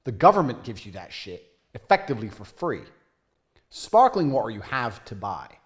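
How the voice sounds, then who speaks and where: A man's voice: medium pitch, big pitch swings, normal speed. A man giving a boastful, profane monologue to camera with a brash, swaggering manner. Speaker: man filmed talking about his lifestyle.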